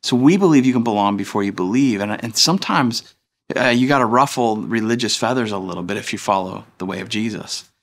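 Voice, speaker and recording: A man in his thirties preaching a sermon as a pastor in a church, speaking in a relaxed, conversational way with frequent fillers like "uh" and "like.". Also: fairly low pitch, a little fast. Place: church stage.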